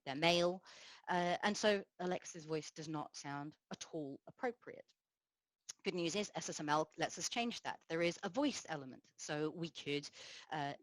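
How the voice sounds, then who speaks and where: Woman conference speaker, low pitch, dry sound, explanatory with fillers. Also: no echo, poor audio. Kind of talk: technical conference talk.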